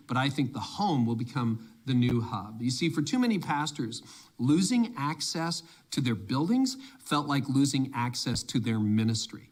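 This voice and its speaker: A man speaking on church leadership at a conference, emphatic and energetic, often quoting imagined voices in his talk. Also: medium pitch.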